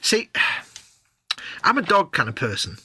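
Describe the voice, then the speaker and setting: Brief: male co-host, bright, husky timbre, playful teasing banter. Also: on the high side, wildly swooping pitch, a little slow. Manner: jokey, teasing, goes off on silly tangents. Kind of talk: casual chat on a live stream.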